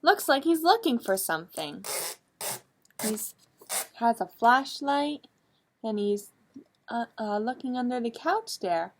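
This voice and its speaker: A woman librarian reading a picture book aloud at children's story time, asking the young listeners animated, coaxing questions. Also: on the high side, slow, pauses often, a little hiss or hum. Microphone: streamed live.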